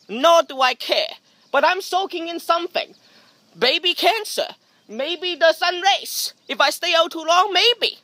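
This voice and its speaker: High, bright-voiced sarcastic male vlogger. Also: no room sound. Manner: sarcastic, deadpan jokey self-mockery. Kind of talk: comedic rambling vlog monologue. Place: outdoors beside a private pool. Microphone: phone front camera.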